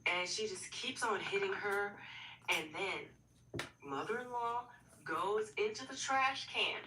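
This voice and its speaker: A woman's voice: medium pitch, takes it slowly, far from the mic. A woman hosting a live stream, casually retelling a story with playful asides and acted-out quotes. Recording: echoey room, voice off-mic, clear background noise.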